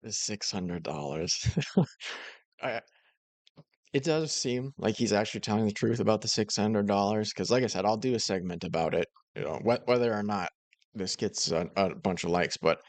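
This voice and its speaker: A man reacting to a clip in casual commentary, relaxed and a bit hesitant with chuckling asides. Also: fairly low pitch, moderate pace, no room sound.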